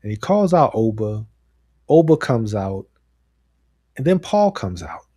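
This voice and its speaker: A man co-hosting a podcast, talking casually and excitedly, rambling with frequent laughs. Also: on the low side, unhurried, husky, no echo, clean studio sound. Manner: animated, rambling, laughs often. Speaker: podcast co-host. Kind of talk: casual wrestling chat.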